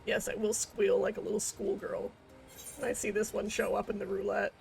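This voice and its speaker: A woman's voice: medium pitch, level tone, normal speed, gravelly, a little mellow, faint music behind. A woman streaming a game, rambling in casual commentary with goofy wordplay and self-mocking jokes.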